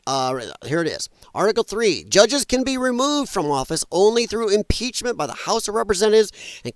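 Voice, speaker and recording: A man's voice: a little high, dry recording. Angry, swooping man ranting on a livestream. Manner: angry, blunt, profane, ranting. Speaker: livestream host. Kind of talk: heated political livestream rant. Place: at his computer while streaming.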